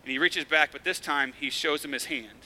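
A man's voice: fairly high pitch, a little fast, pushed and bright. A male pastor giving a sermon in a church, speaking earnestly and conversationally, with rising emphasis.

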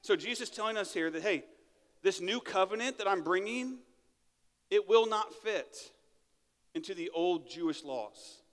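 A man's voice: sits high, lively intonation, moderate pace, fairly bright tone, long reverb tail. A man preaching a sermon in a church, talking in a conversational way and often checking in with "right?". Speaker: pastor. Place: church sanctuary.

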